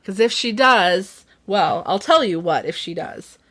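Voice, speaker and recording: A woman's voice: mid-range voice, unhurried. A young woman hosting a podcast, animatedly retelling a book's plot in casual chat. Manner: chatty, animated, laughing retelling. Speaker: podcast host. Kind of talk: casual chat recapping a book.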